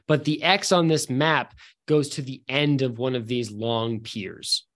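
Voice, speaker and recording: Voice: medium pitch, measured pace. Tabletop game master, easygoing and descriptive. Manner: relaxed, descriptive, hesitant.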